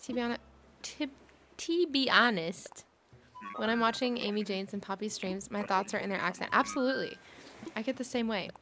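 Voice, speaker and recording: A woman's voice: mid-range voice, fast talker, fairly bright tone, faint music behind. A woman in her late twenties hosting a livestream, chatting casually and rambling while she plays, often filling her sentences with "like". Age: late 20s. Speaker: livestream host. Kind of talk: casual chat while gaming.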